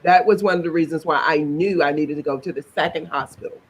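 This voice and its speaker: A woman's voice: low voice, steady tone, fast, husky, rough recording. A middle-aged woman, telling her own story in a chatty interview and laughing as she goes. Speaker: interview guest.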